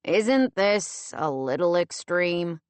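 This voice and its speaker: A woman's voice: lowish voice, lively intonation, slow pace, smooth, no echo. Brief: insistent grown boyfriend in an audiobook romance, read by a woman, dry close mic. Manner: pressing, then gently pleading.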